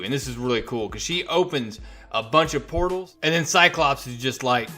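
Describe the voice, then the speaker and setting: Bright-voiced man recapping a comic. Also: medium pitch, moderate pace. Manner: energetic storyteller who acts out quoted lines. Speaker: comic book reviewer. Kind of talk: casual recap of a comic issue.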